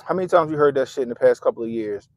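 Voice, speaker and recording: A man hosting a profane political commentary rant, mocking and animated, with sudden loud jumps and muttered asides. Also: medium pitch, rapid-fire, dry recording. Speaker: commentary channel host.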